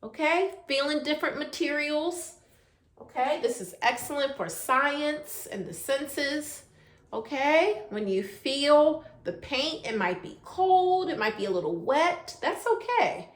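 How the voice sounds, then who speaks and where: A woman teaching little ones in a virtual class, her high voice leaping up and down in a sing-song way. She takes her time, stretching out each letter sound and coaxing the children with questions, while the echoey room rings around her. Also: animated, slow. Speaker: preschool teacher.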